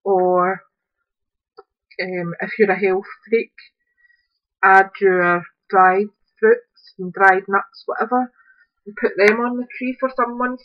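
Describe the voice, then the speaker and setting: A woman's voice: medium pitch, fairly even intonation, slow pace, long pauses, highs cut off. A woman, chatting casually while demonstrating a craft project at home and thinking aloud as she works. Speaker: craft tutorial host. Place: upstairs room at home.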